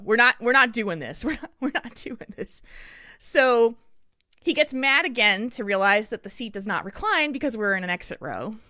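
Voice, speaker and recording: Bright-voiced woman telling a story. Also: a little high, no room sound, studio quality. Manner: animated, acts out people in the story. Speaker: podcast co-host. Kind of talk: casual storytelling.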